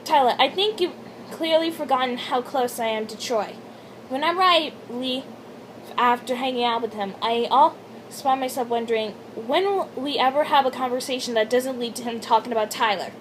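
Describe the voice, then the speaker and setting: A woman's voice: high-pitched, normal speed, a little hiss or hum, close to an everyday voice, rough recording. A woman voicing a teasing young male friend, attempting a South African accent. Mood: earnest.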